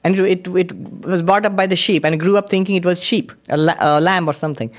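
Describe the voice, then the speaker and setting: A man delivers a spiritual lecture in an earnest, storytelling manner, his voice sitting a little high for a man. He moves between teaching, anecdotes and slow chanted Sanskrit verses. Plain, unhurried lecture delivery. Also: fairly even intonation.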